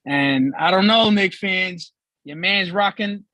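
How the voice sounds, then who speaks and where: A man co-hosting a sports talk show, teasing his partner with animated trash talk. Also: sits high, takes it slowly, dry recording, low-quality recording. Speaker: co-host.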